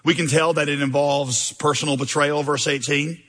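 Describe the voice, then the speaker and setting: A man preaching a conversational, animated sermon as pastor, mixing self-deprecating humor with intense scripture reading. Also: on the high side, moderate pace. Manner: reads scripture with rising intensity.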